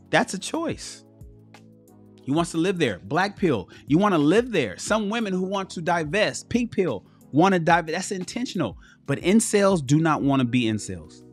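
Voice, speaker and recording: A man hosting a livestream who talks in a profane, animated way and acts out the people he quotes. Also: on the high side. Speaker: host. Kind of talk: livestream commentary.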